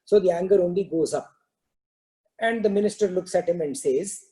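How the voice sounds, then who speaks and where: A man's voice: sits high, moderate pace, dark tone, poor audio. A man giving a spiritual teaching, explaining terms and telling a parable in a loose, filler-filled storytelling way. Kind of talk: scripture talk with a parable.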